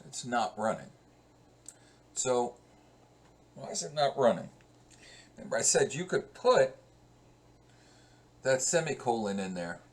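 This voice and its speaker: A male professor walks through code in a screen-recorded lesson, thinking aloud as he works. His medium-pitched voice is very animated, while his manner stays slow and conversational.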